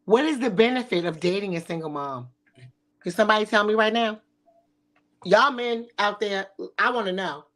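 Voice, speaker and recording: A woman's voice: mid-range voice, normal speed, a bit bright. A middle-aged woman hosting a talk show, speaking bluntly and sassily with frequent swearing. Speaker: podcast host. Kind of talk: provocative casual talk.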